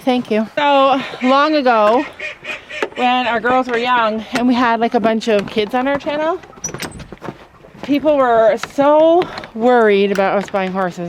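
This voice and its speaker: A woman's voice: a little slow, a little hiss or hum. A middle-aged woman chatting casually on her farm, talking to her goats while filming. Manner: chatty, voices her goats in squeaky high tones. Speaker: vlogger. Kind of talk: casual farm vlog chat.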